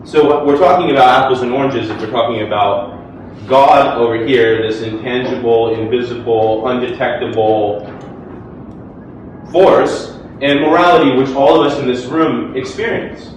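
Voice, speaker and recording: A man's voice: mid-range voice, moderate pace, a little hiss or hum. A man arguing his side in a formal debate, speaking earnestly and conversationally with frequent fillers, before an audience in a hall. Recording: echoey hall, distant mic.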